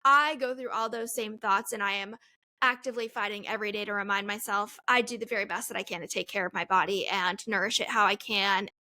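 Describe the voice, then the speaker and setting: A woman's voice: medium pitch, steady tone, brisk, bright, forceful tone. A woman in her twenties hosting a solo Q&A podcast, talking in a chatty, rambling way and laughing at herself. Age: 20s. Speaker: podcast host. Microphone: headphones, studio-style mic.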